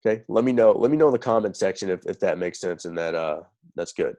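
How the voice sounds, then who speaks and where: A man's voice: deep voice, fast, a little mellow. Man coaching, tagging lines with "okay?". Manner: checks in constantly with "okay?" and "right?"; repeats phrases for emphasis. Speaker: sales recruiting trainer. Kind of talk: recorded training lesson.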